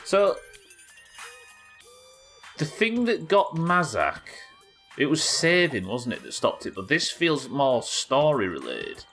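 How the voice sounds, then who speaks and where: A man's voice: medium pitch, huge pitch swings, takes it slowly, pauses often, fairly bright tone, soft background music. A man streaming a game live, chatting to viewers and thinking aloud as he plays. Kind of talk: live gameplay commentary.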